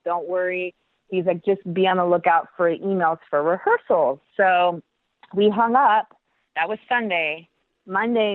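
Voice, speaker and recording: A woman dancer telling a story in an interview, animated, acting out the voices she quotes and laughing often. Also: lowish voice, no room sound. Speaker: guest dancer. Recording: tinny phone-like line, dry.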